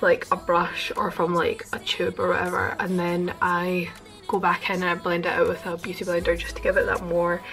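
Young woman rambling fast thru her makeup, lowish voice, quiet music under it. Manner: fast, chatty, self-deprecating with fillers. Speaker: beauty vlogger. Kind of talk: casual get-ready-with-me chat. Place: attic bedroom. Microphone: camera on boxes at bed's end.

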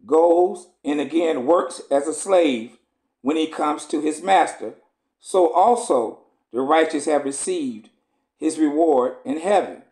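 A man's voice: a little high, darkish tone. Man reading as a pleading prophet. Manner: reads archaic scripture, rising pleas. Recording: roomy echo.

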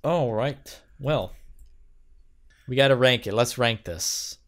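A man's voice: medium pitch, slow, a bit bright. A man co-hosting a movie podcast in casual chat, hesitant, with many ums and restarts. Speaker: podcast co-host.

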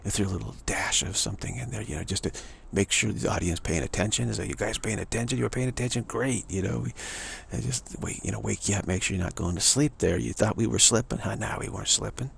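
A man with a deeply gravelly, fry-laden voice sitting a little low in pitch talks to his audience in a loose, meandering way. He circles back on his own phrases and drops into playful scat-like asides, with a faint hiss behind him. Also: quick pace, few pauses, a bit bright. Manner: loose, repetitive, drum-like scatting and asides. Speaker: speaker addressing an audience. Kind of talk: casual rambling monologue.

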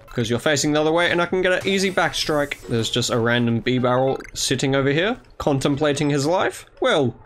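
A young man giving chatty, excitable commentary on his own gameplay, talking to the creatures on screen. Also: fairly high pitch, a little hiss or hum. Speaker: gaming YouTuber. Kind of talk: casual let's-play commentary.

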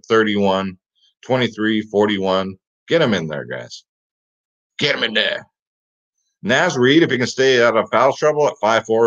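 Hyped man rattling off fantasy picks. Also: medium pitch. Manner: energetic, repeats "guys" and "get him in there". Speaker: fantasy sports picks host. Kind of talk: casual hyped picks rundown. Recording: slightly dull lo-fi audio.

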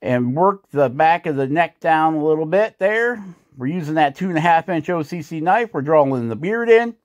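A man's voice: a little high, expressive, normal speed, dry recording, clean studio sound. A man hosting a woodcarving channel, talking through a carving tutorial in a folksy, joking, chatty way. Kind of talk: casual carving tutorial narration.

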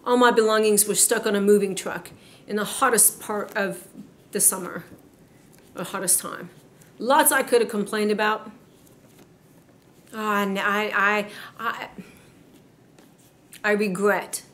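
A woman preaching a sermon in an emphatic, exhorting way, slowing down to stress her points. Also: medium pitch, fairly even intonation, a bit bright.

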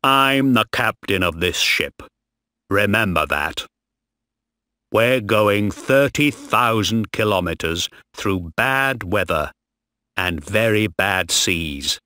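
A man's voice: fairly low pitch, pushed and bright, no room sound, studio quality, heavily acted. A man voicing a strict, commanding ship captain who gives curt orders.

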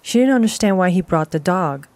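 A woman narrating a horror short story in a calm, even storytelling voice. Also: fairly low pitch, brisk, dry recording.

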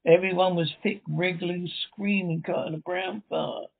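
Gravelly man reading a radio drama. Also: sits high, fairly even intonation, unhurried. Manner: reads stage directions aloud, stumbling over words. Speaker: script reader. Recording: tinny phone-like sound.

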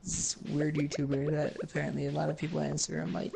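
Creaky-voiced young man chatting over a game. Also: on the high side, little pitch movement, fast. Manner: opinionated, chatty, laughs a lot. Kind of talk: casual gameplay chat. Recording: noisy home recording.

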